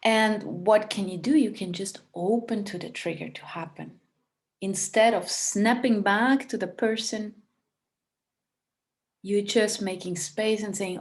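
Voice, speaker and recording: A woman leads a spiritual talk in a calm, reflective way. Her voice sits at a middle pitch, and she takes her time, lingering on each phrase. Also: slow. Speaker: spiritual teacher.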